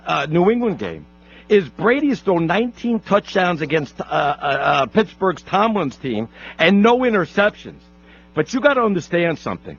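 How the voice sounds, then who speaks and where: A brash, boastful male sports talk radio host whose high voice keeps catching on a gravelly edge. He stumbles and restarts as he talks, and the sound is dull and lo-fi, like an old radio feed.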